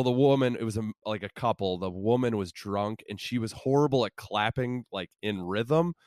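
Podcast co-host, male, resonant and a bit low, profane and self-interrupting, close dry mic. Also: clear, resonant tone, no room sound. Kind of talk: casual sports chat.

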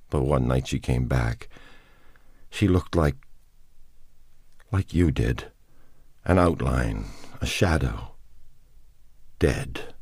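A man's voice: a bass voice, slightly rough, dry recording, studio quality, exaggerated voice. A man playing a haunted, grieving man. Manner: halting, choked with grief. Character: haunted, grieving lone man, bitter and weary. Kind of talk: audiobook character voice.

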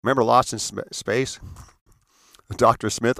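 A man from the San Francisco area telling a personal story in an earnest, halting way, often restarting and repeating words. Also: fairly low pitch, pushed and bright, no room sound, studio quality. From San Francisco area, United States. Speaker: speaker telling his life story.

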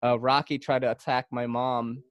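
A man's voice: mid-range voice, flat delivery, normal speed, smooth, dry recording, studio quality. A man from the Philippines hosting a casual knife podcast, telling stories in a rambling way with lots of fillers and restarts. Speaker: podcast host.

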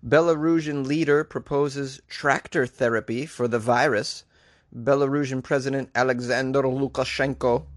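Rambling, joking male talk-show host. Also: medium pitch. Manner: joking, rambling, laughs at own jokes, stumbles over names. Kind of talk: comedic talk-show riffing on news.

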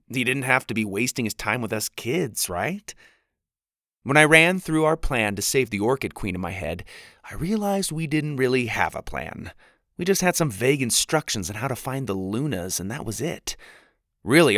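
Man, storybook narration, first person, animated pitch, dry close sound. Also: dry recording. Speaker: audiobook narrator.

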